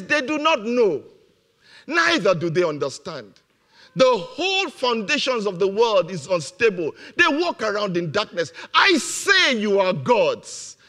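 A man's voice: high voice, pushed and bright. A man preaching a motivational sermon, emphatic and repeating his key phrases, laughing now and then at his own jokes.

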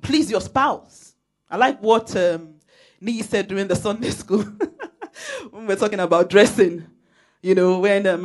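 Nigerian woman preacher, animated storyteller, emphatic and quick to laugh in church. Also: mid-range voice. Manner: lively, storytelling, laughs often, emphatic exhortation. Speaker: church speaker. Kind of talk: sermon.

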